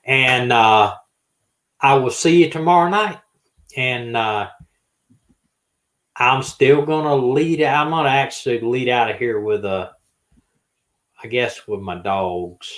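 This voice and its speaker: A man's voice: medium pitch, slow pace, long pauses, fairly bright tone, low-quality recording. An older man, hosting a live stream and signing off in a folksy, chuckling, rambling way. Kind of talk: casual live stream sign-off.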